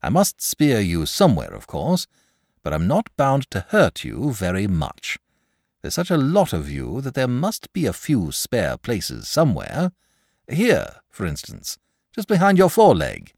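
A man's voice: lowish voice, huge pitch swings, measured pace, creaky, darkish tone, dry recording, studio quality, pitched above the performer's own voice, full character voice. A man doing a frank, pleasant knight. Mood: patient, persuasive.

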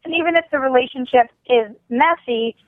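A woman's voice: sits high, fairly quick, no echo. A woman co-hosting a casual podcast about a TV drama, thoughtful and a little hesitant. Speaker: podcast co-host. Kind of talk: casual TV recap chat. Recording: tinny phone line.

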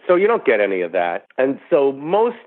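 A middle-aged actor talking as an interview guest, rambling through anecdotes with lots of "you know" restarts. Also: male voice, medium pitch, wildly swooping pitch, normal speed. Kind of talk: casual interview storytelling. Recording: tinny phone line.

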